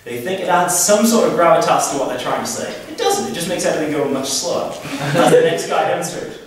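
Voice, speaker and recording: A man's voice: on the high side, big pitch swings, fast talker. A young man with a Geordie accent doing a stand-up comedy set, telling rambling, self-deprecating stories. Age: young adult. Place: student comedy club room. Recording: echoey room, distant mic, noisy. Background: audience laughter.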